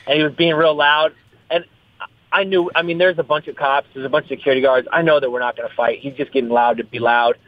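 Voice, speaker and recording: A man's voice: medium pitch, fairly even intonation, fast, no room sound. Tinny-sounding young man, rambling and profane. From US West Coast. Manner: rambling, repeats words, swears freely. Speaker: fighter. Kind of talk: casual interview chat. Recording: tinny phone-like line.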